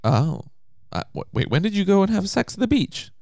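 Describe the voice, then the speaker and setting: A man's voice: high-pitched, very animated, brisk, vocal fry, darkish tone, no echo, clean studio sound. A man co-hosting a podcast in casual chat, playful and teasing. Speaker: podcast co-host.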